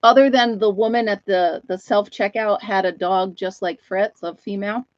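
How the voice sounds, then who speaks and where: A chatty woman hosting a casual live stream, rambling through her stories and pausing to greet viewers by name. Her voice is close and dry with no room around it, and the sound is a little dull and lo-fi. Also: medium pitch, fairly even intonation, no echo. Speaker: host of a live chat stream.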